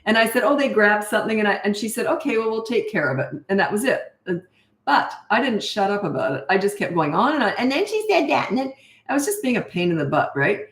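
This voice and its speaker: A woman's voice: medium pitch, animated, quick pace, echoey room. A woman in her sixties, a parenting coach answering questions in a casual livestream, telling stories in a chatty way with fillers and laughs. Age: 60s.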